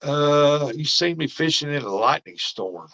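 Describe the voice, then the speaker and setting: A man's voice: a little high, lively intonation, unhurried, fairly bright tone. A middle-aged man, chatting casually with viewers and telling folksy stories with frequent laughs. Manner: folksy storytelling, laughs often. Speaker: fishing vlogger. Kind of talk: casual live chat with viewers. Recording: dull lo-fi stream audio.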